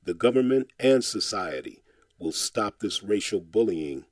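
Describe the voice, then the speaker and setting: Man, low register, dry close sound; rhythmic, impassioned spoken-word recital with a hammering refrain. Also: animated, unhurried, no room sound. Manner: rhythmic, insistent delivery with a repeated refrain; impassioned, exhorting tone.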